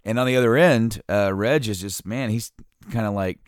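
A man in a casual chat who tells long stories in a halting, rambling way with many fillers. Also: on the low side, no echo, studio quality.

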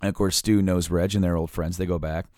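A man with a lowish voice tells stories in a casual chat, halting and rambling with many fillers and restarts. The sound is dry and close to the mic. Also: steady tone, darkish tone, no room sound.

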